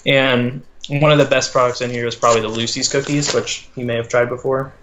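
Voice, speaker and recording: A teenage boy as a guest in a casual interview, talking haltingly with many fillers. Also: mid-range voice, little pitch movement, a crowd in the background. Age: teens. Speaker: guest, small business owner.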